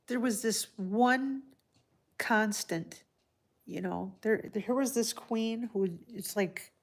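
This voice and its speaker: A woman hosting a casual livestream from home, chatting softly and heartfelt while answering viewers by name. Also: medium pitch. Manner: soft-spoken and heartfelt. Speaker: livestream host. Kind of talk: casual live-stream chat.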